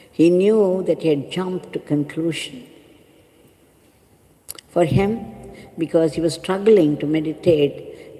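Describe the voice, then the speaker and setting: A woman spiritual teacher telling a moral story in a calm, measured sermon. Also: low-pitched, in a large hall, poor audio. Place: ashram hall.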